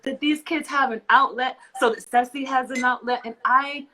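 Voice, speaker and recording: A woman's voice: high-pitched, steady tone, fairly quick, sharp tone, rough recording. A woman co-hosting a casual talk show, speaking with impassioned emphasis and repeating phrases as she vents. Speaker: podcast co-host. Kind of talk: emotional casual chat.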